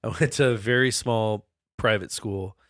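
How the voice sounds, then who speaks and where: A man's voice: on the low side, fairly even intonation, moderate pace, a bit bright, no echo, studio quality. A man in his forties co-hosting a podcast, telling stories in a loose, profane, easygoing way. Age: 40s. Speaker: podcast co-host. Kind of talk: casual chat.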